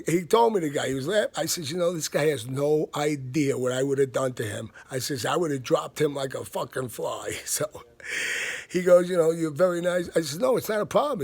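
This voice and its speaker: A man, telling a story in a blunt, profane, casual rant. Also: a little high. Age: 50s. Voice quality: gravelly, husky. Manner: profane, blunt, laughs between lines.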